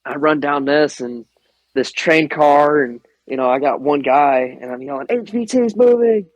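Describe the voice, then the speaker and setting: Unhurried and medium in pitch, a Midwestern American guest chats casually on a podcast about airsoft, telling animated stories peppered with swearing and laughter. There's no room sound, and the audio is lo-fi.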